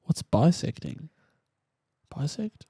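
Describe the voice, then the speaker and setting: Laid back aussie bloke, gravelly voice, dry close mic, chuckles a lot. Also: male voice, on the high side, very animated, slow, mellow, dry recording. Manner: easygoing, chuckling. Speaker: podcast co-host. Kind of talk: casual chat.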